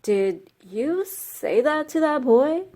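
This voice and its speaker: A woman reading aloud, voicing a quick, clever male rabbit who is a trickster in a storybook tale. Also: fairly high pitch, animated, dark tone. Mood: brisk.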